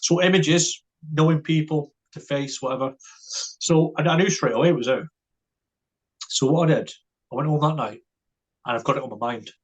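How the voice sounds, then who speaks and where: A man's voice: a little high, normal speed, husky. A man, a podcast guest telling a story in a casual way. He stammers and restarts often and keeps tagging his lines with "right?" and "mate".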